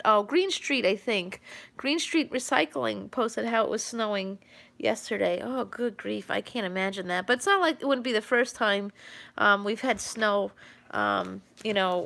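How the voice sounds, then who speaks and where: A woman's voice: a little high, gravelly, fairly bright tone, a little hiss or hum. A woman chatting casually on a live stream, rambling with many fillers and restarts. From New York.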